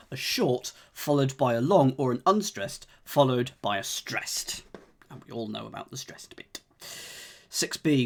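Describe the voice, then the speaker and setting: A man's voice: medium pitch, gravelly, slightly rough. A man solving a cryptic crossword on a live stream, chatting and joking with his viewers as he thinks aloud. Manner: chatty, jokey, thinks aloud, talks to chat. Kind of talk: casual live-stream chat.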